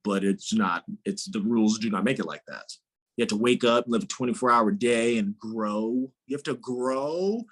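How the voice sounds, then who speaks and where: A man speaking as a guest spiritual teacher in a casual interview, animated and emphatic, laughing often. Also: fairly low pitch, normal speed.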